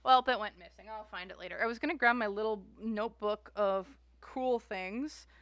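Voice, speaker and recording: Woman, rambling livestream host, smooth clear tone, dry close sound. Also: mid-range voice, moderate pace, a bit bright, no room sound. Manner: chatty, rambling, restarts words. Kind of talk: casual livestream chat.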